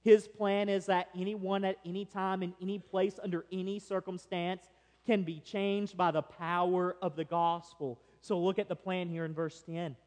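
A man preaching a sermon, shifting between loud emphatic lines and quiet, hushed ones. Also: high-pitched, little pitch movement, normal speed, long reverb tail. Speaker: pastor.

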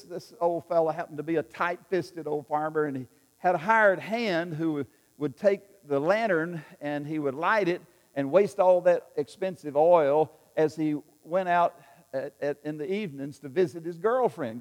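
Pastor guy preaching, kinda high voice, hammers his points, big echoey sanctuary. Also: normal speed. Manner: emphatic, repetitive, leads the audience in call-and-response. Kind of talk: sermon. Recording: long reverb in a large hall.

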